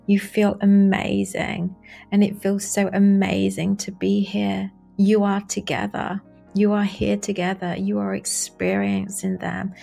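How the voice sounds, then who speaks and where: A woman leads a guided meditation at a very slow, unhurried pace. Her voice is breathy with a gravelly edge of vocal fry, and soft instrumental music plays faintly behind her. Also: mid-range voice. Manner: slow, soft and soothing, repeating phrases.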